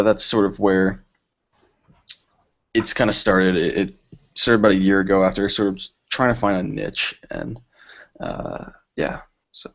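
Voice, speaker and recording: A young man with a fairly low voice answers interview questions in a relaxed, reflective way. His speech comes through dull, muffled audio from an online call. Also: creaky. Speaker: filmmaker guest.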